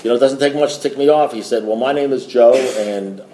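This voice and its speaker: A man's voice: mid-range voice, a little fast, noisy background. A middle-aged man giving a blunt, rambling recovery talk to a group, swearing and repeating himself. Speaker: AA meeting speaker.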